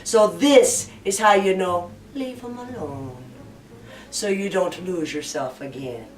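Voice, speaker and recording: A woman voicing Jack, a cunning trickster man, in a low, sly drawl, heard from a distance in a roomy space with faint music. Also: slow pace, a crowd in the background.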